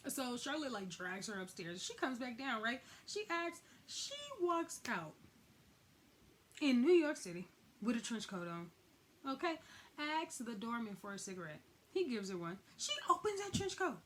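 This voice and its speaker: A chatty woman recaps a TV episode in loose, slangy talk, and her voice sits a little high and swoops up and down with lots of life. She jumps into the characters' lines as she tells it. Faint noise hums in the background. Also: very animated, moderate pace, a bit bright. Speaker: recap vlogger.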